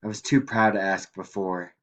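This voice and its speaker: A frail, dreamy old grandmother speaks, as a male reader puts her on in a low, soft voice. She drifts through memories with quiet regret and pleading in a storybook reading. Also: normal speed, close to an everyday voice. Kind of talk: audiobook reading.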